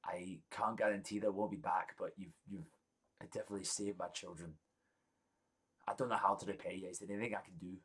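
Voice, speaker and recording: A man putting on a grateful king in a tabletop game, speaking low and hushed. The voice is quiet and earnest, lower than his usual talk. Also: steady tone, fast, husky.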